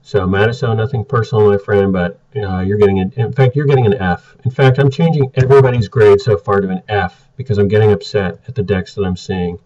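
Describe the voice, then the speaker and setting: A man's voice: on the low side, steady tone, a little fast, few pauses, warm tone. A man giving blunt, exasperated casual commentary as he reviews card game decks. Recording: muffled, distant from the mic.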